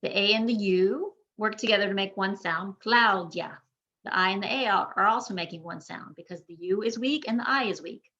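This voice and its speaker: Bright-voiced woman teaching pronunciation. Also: mid-range voice, muffled recording. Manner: slow, deliberate modeling of words for repetition. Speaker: Spanish teacher. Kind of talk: online pronunciation lesson. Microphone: screen-share recording.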